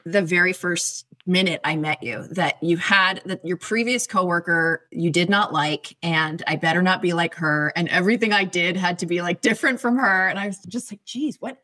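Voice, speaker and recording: Wry bright-voiced woman guest. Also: on the low side, moderate pace, few pauses. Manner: wry, teasing, deadpan. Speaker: podcast guest, writer and director. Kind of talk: casual chat over video call. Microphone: video call.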